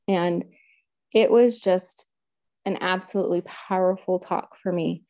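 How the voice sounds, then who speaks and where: A woman's voice: on the low side, steady tone, unhurried, mellow, no room sound. A woman telling a personal story in an interview, in an earnest, emotional way. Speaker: interview guest.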